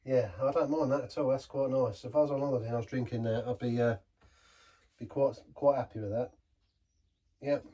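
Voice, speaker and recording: A man talks through a beer in a casual review. His voice is husky and sits back from the mic, a bit distant in the recording. He rambles, trails off and restarts mid-sentence. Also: medium pitch, fairly even intonation, fairly quick, pauses often, warm tone.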